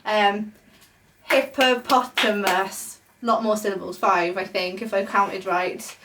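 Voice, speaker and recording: A woman's voice: mid-range voice, level tone, a little slow, recorded from a distance, noisy background. A young adult woman leading a beginner poetry workshop, explaining patiently with many ums. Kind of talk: casual beginner lesson. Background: guinea pigs chewing.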